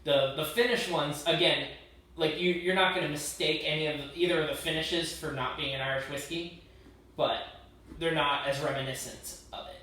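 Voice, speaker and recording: A man's voice: a little high, steady tone, normal speed, pushed and bright, recorded from a distance. A man co-hosting a casual whiskey tasting, opinionated, often restarting his sentences. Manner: opinionated, restarts phrases, prefers bourbon. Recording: very echoey room, a bit off-mic.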